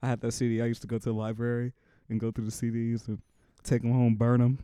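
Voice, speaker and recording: A man's voice: mid-range voice, monotone, fast talker, dark tone, clear, resonant tone, no room sound. A man co-hosting a podcast, chatting loosely, teasing his friend with slang and laughter. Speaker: podcast co-host. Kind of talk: casual chat. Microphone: studio mic.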